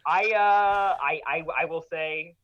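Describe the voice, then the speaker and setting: A man as a guest on a casual horror movie podcast, excited and laughing, swearing as he gushes. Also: a little high, slow, muffled recording, a little hiss or hum. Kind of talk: casual chat.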